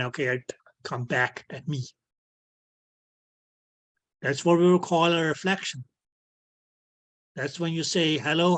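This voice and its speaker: A man teaching an online physics class, slowly and patiently, filling his speech with "okay" and making small grammar slips. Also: fairly high pitch, a bit bright. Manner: repeats "okay" as filler, non-native grammar slips. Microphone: video call.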